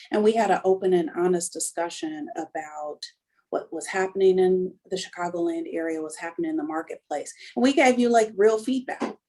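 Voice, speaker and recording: Gravelly-voiced woman, frank and direct. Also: fairly low pitch, warm tone, rough recording. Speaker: realtor panelist. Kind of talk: panel discussion.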